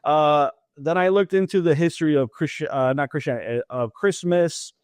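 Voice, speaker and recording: In a slightly high, clear and resonant voice at normal speed, a podcast interview guest in his thirties tells his story casually. He's animated, laughs often and acts out the dialogue, and the recording has no echo.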